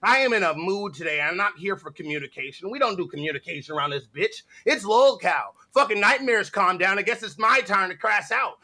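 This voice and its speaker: A man hosting a casual livestream, ranting loudly and swearing constantly. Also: high voice, animated, brisk, few pauses. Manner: profane, ranting, loud. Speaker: stream host.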